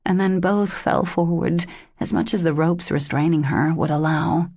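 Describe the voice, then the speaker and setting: A woman narrating a romance audiobook in a slow, intimate reading. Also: fairly low pitch, fairly even intonation, a little mellow, no echo, clean studio sound.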